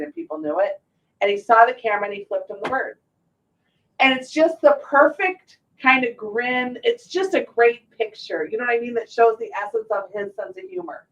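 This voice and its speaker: A middle-aged woman host with a fairly high voice tells stories animatedly, acting out other people's lines. She sounds set back from the microphone, and the recording is muffled and dull. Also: brisk. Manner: animated storyteller, acts out quotes. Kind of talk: casual talk show chat. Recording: distant muffled mic.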